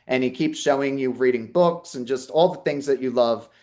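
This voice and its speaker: A man's voice: mid-range voice, moderate pace, dark tone. A man working as a psychic medium in an online talk, earnestly relaying messages and reassuring the listener over a video call. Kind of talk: live online talk and reading.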